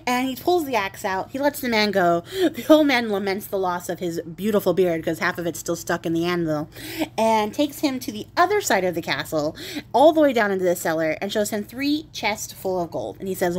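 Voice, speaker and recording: Woman host, casual wry fairy-tale retelling, mid pitch. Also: lively intonation, a little fast. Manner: wry, chatty, laughs and swears. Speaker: craft video host.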